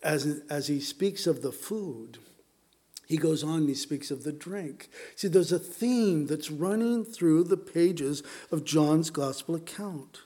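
A man's voice: fairly high pitch, slow pace, dark tone. Conversational man preaching with stories. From Southern California. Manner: conversational, storytelling, many fillers. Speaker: pastor. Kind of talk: sermon with personal stories.

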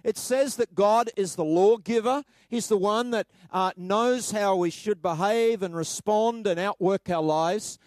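A man preaching a sermon as pastor, halting often with fillers and reading scripture aloud with rising emphasis. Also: sits high, a little mellow, dry recording.

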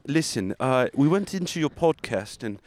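A man's voice: medium pitch, big pitch swings, moderate pace, darkish tone, close to an everyday voice. A man putting on a smug, aggrieved tech billionaire, needling and tacking on "mate" and "dude", outdoors on a street.

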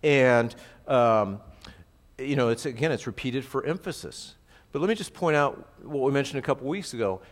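A middle-aged man preaches a verse-by-verse sermon in a relaxed, conversational way. He keeps turning to his listeners with quick asides and checks that they follow along. His mid-range voice carries a long reverb from a church hall. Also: mid-range voice. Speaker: pastor. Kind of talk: expository sermon.

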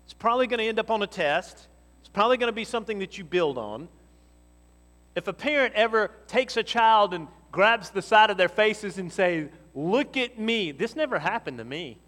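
A man preaching a sermon. He speaks with emphasis, rising to loud exhortation and dropping to quiet teaching. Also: high-pitched, expressive, fairly quick. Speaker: pastor. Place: church hall. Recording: long reverb of a church hall.

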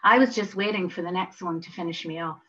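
A woman's voice: fairly low pitch, quick pace, fairly bright tone, lightly acted. A candid young English soldier recalls being shot, as a woman telling the story voices him. He speaks plainly, with little put-on colour. The sound is dull and lo-fi. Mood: sober.

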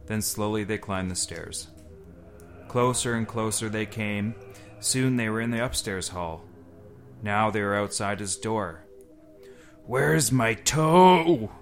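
A man's voice: on the low side, unhurried, fairly bright tone, soft background music. A man hosting a podcast, reading a spooky story aloud to friends, breaking in with casual asides. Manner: reads aloud with asides and laughs. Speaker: podcast host.

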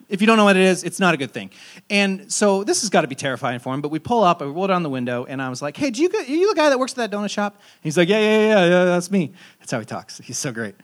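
Higher-voiced man preaching conversationally. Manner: conversational, self-deprecating storytelling. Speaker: pastor. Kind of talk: sermon.

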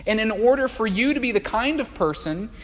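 Man, pastor, sermon, conversational, animated, fillers and restarts, long church reverb. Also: sits high, a little fast.

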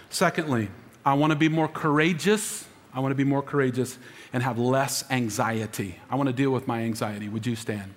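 Energetic man preaching in a hall. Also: medium pitch. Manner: energetic, calls for congregation responses. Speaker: lead pastor. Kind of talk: sermon. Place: large church auditorium. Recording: long hall reverb.

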